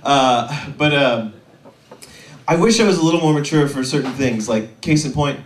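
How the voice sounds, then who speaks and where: A man in his twenties doing a stand-up set, rambling and self-deprecating, often halting with fillers. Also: medium pitch, expressive, reverberant, distant mic, slight background noise. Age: 20s. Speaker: stand-up comedian.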